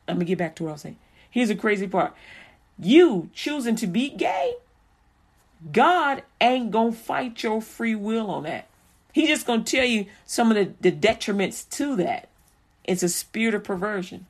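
A woman preaching informally and quoting scripture in an animated, plain-spoken, laughing manner. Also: medium pitch, moderate pace.

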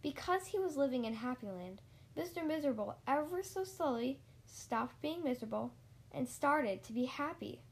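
Brief: woman storyteller, slightly high voice, unhurried bedtime-story reading. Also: expressive. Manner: slow and deliberate, lingering on repeated phrases. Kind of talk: reading a children's story aloud.

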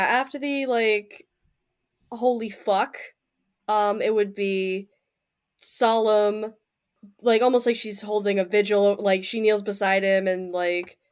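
A woman playing her character in a tabletop role-playing game, chatty and full of "like" fillers. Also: mid-range voice. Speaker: player.

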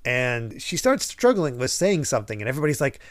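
Speaking fairly quickly in a mid-range voice with no echo, this man hosts a podcast where he casually recaps a manga. He's animated, voicing the characters' lines as he retells events.

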